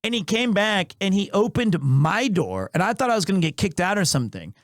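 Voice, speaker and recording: A male streamer with a high, light voice tells an animated story and drops Japanese phrases into casual banter with his chat. The sound is dry and close, with no room echo around him. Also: a little fast.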